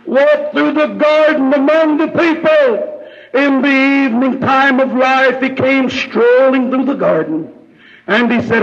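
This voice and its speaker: A man's voice: very high voice, a little slow, a bit bright, highs cut off. A man preaching a revival sermon in a rhythmic, chanting cadence.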